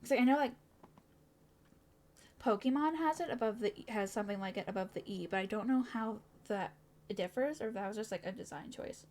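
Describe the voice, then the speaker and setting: A woman's voice: medium pitch, a little fast, darkish tone, slight background noise. A woman streamer chatting casually with her live chat, bubbly, often gasping and giggling and tripping over her words.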